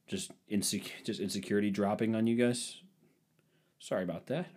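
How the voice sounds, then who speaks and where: A young man with a fairly low voice hosts his own podcast, riffing in a loose comedic rant. He talks in a sarcastic, self-mocking way that wanders from point to point. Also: steady tone, moderate pace, a little mellow, breathy edge. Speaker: podcast host.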